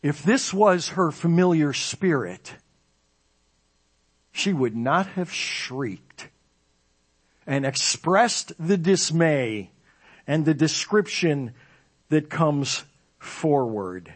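A man's voice: on the high side, expressive, drawn-out words, long pauses, slightly rough. A man preaching a sermon, reading scripture aloud dramatically and explaining it to his congregation. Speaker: pastor.

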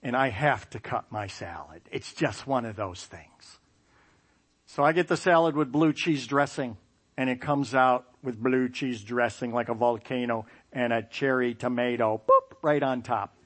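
A man telling a personal story with self-mocking humor, lively sound effects and playful asides. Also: medium pitch, measured pace. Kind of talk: personal anecdote.

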